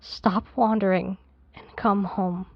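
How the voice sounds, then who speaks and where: A woman's voice: medium pitch, steady tone, slow pace, gravelly, dry recording. A woman voicing a grieving mother of a missing daughter, doting and pleading by turns, on a dry, dull lo-fi clip. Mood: tender. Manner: doting, then frantic and pleading.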